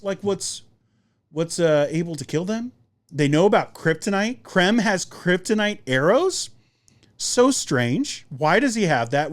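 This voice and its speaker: Young male podcast host, chatty and rambling, slightly high voice with animated pitch jumps. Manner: animated, rambling, lots of fillers. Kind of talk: casual movie review talk.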